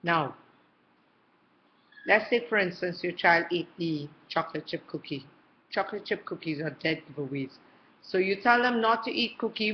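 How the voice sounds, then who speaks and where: A woman's voice: lowish voice, animated, normal speed, dull audio. A middle-aged woman giving parenting advice to camera in a casual, chatty way, often checking in with her listener. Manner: warm, chatty, checks in often with "okay" and "all right".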